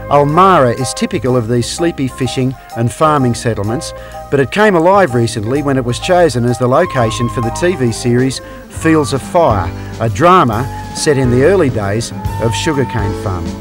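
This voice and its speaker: A man's voice: mid-range voice, animated, normal speed, music in the background. Upbeat documentary presenter man. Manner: upbeat, promotional tour-guide delivery. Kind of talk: scripted documentary narration and on-location interviewing.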